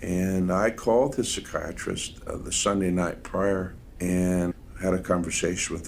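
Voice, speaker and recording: A father giving a personal testimony, recounting events in a calm, measured way. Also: deep voice, gravelly, a little hiss or hum. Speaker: father of a survivor.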